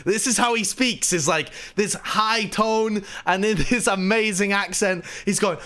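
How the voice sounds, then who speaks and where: A man's voice: high voice, measured pace, few pauses, bright, forceful tone. A man telling a rambling, laughing story to his live stream audience.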